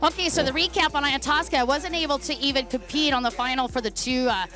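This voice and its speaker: A woman's voice: high voice, pushed and bright, soft background music. A woman from Dallas doing chatty, upbeat live race commentary. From Dallas, Texas. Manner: chatty, upbeat, quick-talking.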